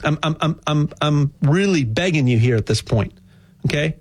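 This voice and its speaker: A man giving a rambling, jokey sales pitch for buying gold, full of restarts and repeated words. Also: moderate pace, breathy edge. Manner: animated, repetitive restarts, jokey asides. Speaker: gold dealer spokesman.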